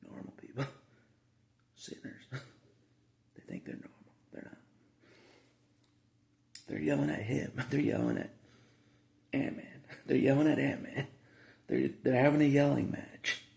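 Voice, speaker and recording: Man with a heavily gravelly voice and average pitch; rambling, repetitive vlog monologue. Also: very animated, measured pace, long pauses, a little mellow. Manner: rambling, repeats himself, frequent asides. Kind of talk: casual monologue to camera.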